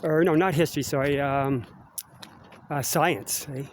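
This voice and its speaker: A man's voice: fairly high pitch, measured pace, slight background noise. Rambling middle-aged Canadian man outdoors. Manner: chatty, meandering, ends phrases with "eh?". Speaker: vlogger. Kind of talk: casual rambling walk-and-talk. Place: outdoors walking around school grounds.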